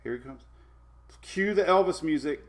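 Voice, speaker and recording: A man with a slightly high, expressive voice hosts a casual weather live stream at a normal pace. He's chatty, laughs a lot, and talks to his dogs between updates.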